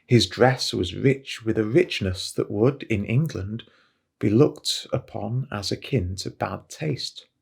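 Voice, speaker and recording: A man, an English teacher, slowly reading a story aloud for learners and stopping to point out new words. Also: lowish voice, creaky, a little mellow, husky. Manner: slow, careful reading with vocabulary asides.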